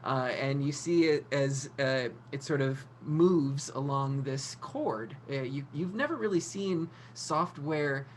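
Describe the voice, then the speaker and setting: Woman game master, low voice, relaxed, narrating with lots of uhs, faint hum behind. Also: takes it slowly, few pauses. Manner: relaxed, filler-heavy narration.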